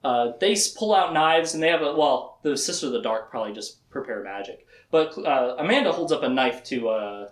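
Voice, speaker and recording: A man casually recapping a book's plot in a lecture, laughing often and acting out the characters' lines in quick asides. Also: medium pitch, lively intonation, echoey room. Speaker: book discussion host.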